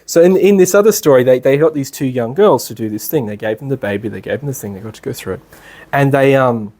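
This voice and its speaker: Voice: medium pitch, fast talker, warm tone. A speaker, telling a rambling story to a class in a casual way, laughing often and using a lot of fillers. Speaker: class presenter.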